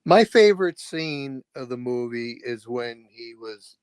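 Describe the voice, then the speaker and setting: Man, co-host, halting hesitant speech, mid pitch, dry close sound. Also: lively intonation, clear, resonant tone, dry recording. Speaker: podcast co-host. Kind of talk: casual film discussion.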